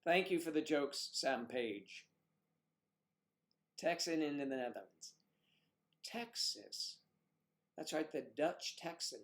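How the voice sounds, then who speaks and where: A man's voice: a little high, a little slow. Bawdy joking middle-aged man. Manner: bawdy joking, teasing viewers by name. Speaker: livestream co-host. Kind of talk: casual livestream chat reading comments.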